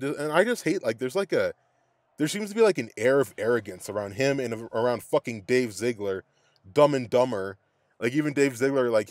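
A young man rants angrily as a sports fan, scattered and swearing nonstop. His voice sits at an ordinary middle pitch. The sound is close and dry, with no room echo. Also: a little mellow. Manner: angry, scatterbrained, cursing constantly. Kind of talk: profane fan rant.

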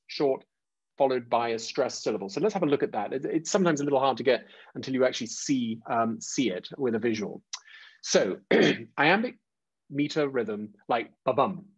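Male webinar presenter, husky voice, lots of fillers, dry lo-fi call audio. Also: medium pitch, no echo. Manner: frequent "uh" and "um", restarts; taps out rhythms aloud. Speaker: presenter leading a teacher training webinar. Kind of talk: informal online lecture.

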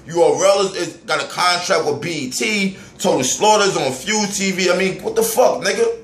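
A man's voice: sits high, moderate pace, echoey room. A man ranting angrily and profanely about battle rap events in a heated vlog.

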